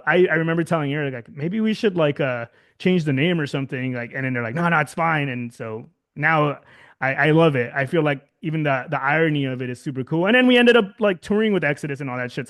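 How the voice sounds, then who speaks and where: A man's voice: a little high, fast, a bit bright. A man in his thirties, a guest musician from Southern California, talking casually in an interview, rambling with lots of fillers and restarts. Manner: rambling, many fillers and restarts, laughs often.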